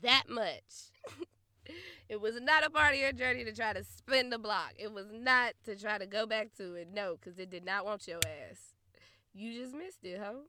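A woman's voice: mid-range voice, moderate pace, sharp tone, a little hiss or hum. A young woman ranting casually about an old flame, blunt and profane, often laughing, recorded close and dry. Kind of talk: casual storytelling rant.

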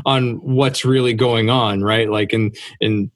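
A man in a relaxed podcast conversation, speaking loosely with frequent "like" and easy laughter. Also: lowish voice, slow, no echo. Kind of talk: casual conversation.

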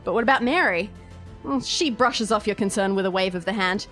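A woman's voice: mid-range voice, a little fast, a bit bright, faint music behind. A woman narrating a tabletop game as game master, in a descriptive, playful way.

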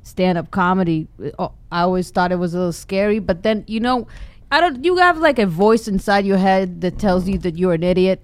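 A woman's voice: mid-range voice, fairly quick, dry recording. A woman from Israel, a stand-up comedian, telling stories candidly as a guest on a radio talk show. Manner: candid storytelling, swears. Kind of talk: casual chat.

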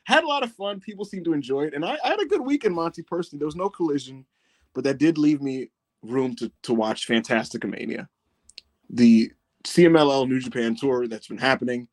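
A man hosting a podcast, telling stories in casual chat, animated, swearing and laughing often. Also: medium pitch, a little fast. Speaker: podcast host.

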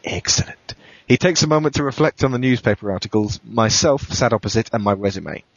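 A man, a podcast host, reading a first-person thriller in a steady, matter-of-fact way. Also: mid-range voice, fast, no room sound. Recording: dull, dry lo-fi recording.

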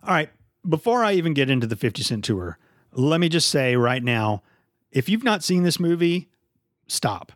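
A man's voice: on the high side, big pitch swings, moderate pace, no room sound, studio quality. A man hosting a casual movie podcast, joking and swearing as he runs the segments. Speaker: podcast host.

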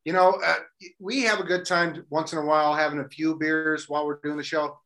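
A man's voice: fairly high pitch, little pitch movement, a little fast, sharp tone. A man co-hosting a radio show, chatting casually with rambling, self-deprecating humor. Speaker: radio co-host. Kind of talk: casual banter.

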